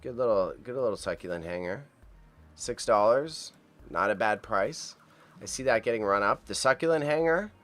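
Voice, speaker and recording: A man's voice: lowish voice, expressive, moderate pace, a bit bright, soft background music. A man hosting a casual livestream, chatty and upbeat, talking to viewers in the chat and reading item names aloud as he stumbles over tricky words. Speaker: livestream host reacting to auction items.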